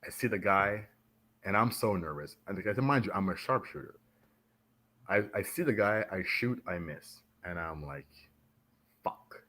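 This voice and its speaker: Man, deep voice, from Canada, military veteran, animated storyteller, podcast guest. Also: normal speed. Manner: animated, acts out the voices of others in his stories. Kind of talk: casual storytelling in a podcast interview.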